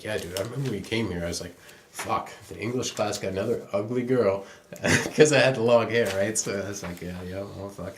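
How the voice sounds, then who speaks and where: A man's voice: low-pitched, slight background noise. A young Canadian man co-hosting a podcast, telling stories in a rambling, profane way full of fillers. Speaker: podcast co-host. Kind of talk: casual chat.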